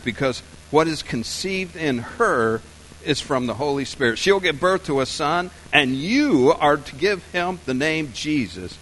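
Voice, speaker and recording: Slow-talking preacher man, faint hiss. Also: medium pitch, rough recording. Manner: storytelling, soft and slow in scenes, rising loud and emphatic for points. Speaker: pastor. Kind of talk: sermon.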